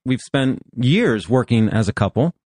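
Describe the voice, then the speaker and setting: A man's voice: mid-range voice, unhurried, no room sound. Earnest man in his fifties, dry sound. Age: 50s. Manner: earnest, animated, laughs while talking. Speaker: pastor and therapist. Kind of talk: podcast conversation.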